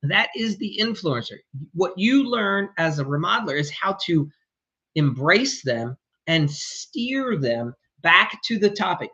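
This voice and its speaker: A man's voice: sits high, very animated, a little slow, bright, forceful tone, breathy edge, muffled recording. A man coaching remodelers on sales in an emphatic, blunt way, swearing casually as he talks. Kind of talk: energetic coaching talk.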